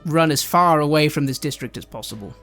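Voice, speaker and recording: A game master narrating a tabletop roleplaying game and giving the players direction briskly. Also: female voice, sits low, animated, a bit bright, soft background music.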